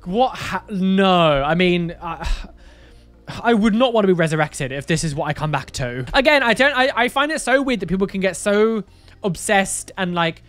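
This YouTuber, a woman with a medium-pitched, fairly bright voice, is looking at tattoo photos and reacting casually, laughing, exclaiming, and tossing in slang.

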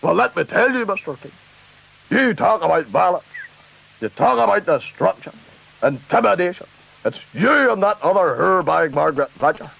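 A man's voice: sits high, big pitch swings, normal speed, gravelly, a bit bright, exaggerated voice. A man with a Northern Irish accent doing a comic impression of a ranting, foul-mouthed loyalist preacher-politician. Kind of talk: comic radio sketch impression. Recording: dull lo-fi tape with faint hiss.

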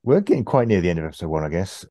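Brief: male podcast co-host, very low voice, dry close sound, relaxed recapper. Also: racing, no room sound. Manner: laid-back, recounts plot with frequent laughs and fillers. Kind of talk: casual chat recapping an episode.

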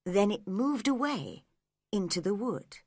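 A woman narrating a storybook read-along for English learners in a clear, slow, deliberate way. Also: medium pitch, lively intonation, no room sound, clean studio sound.

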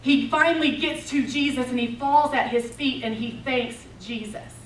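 A woman's voice: high voice, moderate pace, slight background noise. Impassioned woman preaching in a roomy hall. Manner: impassioned storytelling, swings between loud and hushed. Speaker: women's retreat speaker. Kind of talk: sermon. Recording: roomy, distant mic, faint ambience.

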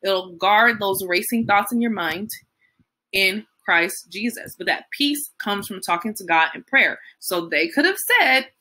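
A woman's voice: fairly low pitch, normal speed, sharp tone. A young adult woman leading a youth Bible study in a casual, chatty way, full of fillers and acted-out quotes.

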